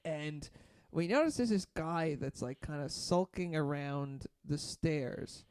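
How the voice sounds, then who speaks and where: A man's voice: a little high, expressive, takes it slowly, darkish tone, clear, resonant tone, no echo. A man hosting a podcast, telling a long rambling story in casual chat, heavy on fillers and swearing, acting out what others said. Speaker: podcast host.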